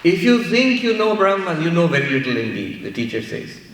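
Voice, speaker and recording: A man with an Indian English accent giving a spiritual talk in a large hall, animated and playful as he tells stories. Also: fairly high pitch, a little fast. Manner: animated storytelling with playful asides. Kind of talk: sermon-style lecture. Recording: echoey hall, mic far off.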